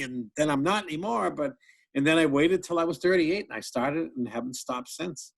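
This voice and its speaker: A middle-aged man, a comedian, talks casually over a video call. His voice sits a little high, and he tells his stories in a lively, rambling way, laughing often and repeating words. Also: moderate pace, gravelly. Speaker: comedian guest. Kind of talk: casual interview chat.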